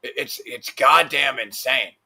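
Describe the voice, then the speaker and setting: A man's voice: mid-range voice, measured pace, creaky, bright, forceful tone, breathy edge. A man hosting a livestream, ranting with constant swearing and frustrated rambling. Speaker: livestream host.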